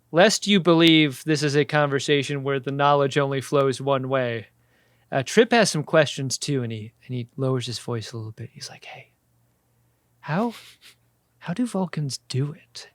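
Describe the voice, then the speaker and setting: A man's voice: medium pitch, moderate pace, a bit bright, dry recording, studio quality. A man co-hosting a casual comedy podcast, joking crudely and acting out bits of dialogue. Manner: crude, joking, acts out quotes. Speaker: podcast co-host.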